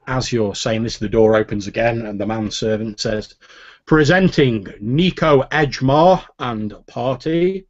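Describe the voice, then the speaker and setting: Low husky guy running a dnd game, steady descriptions, bit muffled. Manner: measured descriptive narration. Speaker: game master. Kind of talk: narrating a tabletop game.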